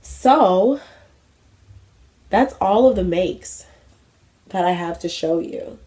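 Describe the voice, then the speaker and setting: A woman's voice: medium pitch, animated, slow, warm tone. A young adult woman hosting a craft vlog, chatting casually with many fillers and self-mocking asides. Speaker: craft vlogger. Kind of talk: casual chat.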